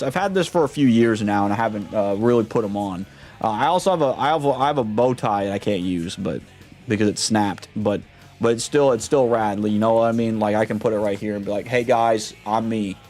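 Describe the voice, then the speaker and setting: A man's voice: mid-range voice, fast talker, a little mellow, faint music behind. A young man streaming live, chatting casually in a rambling way full of fillers.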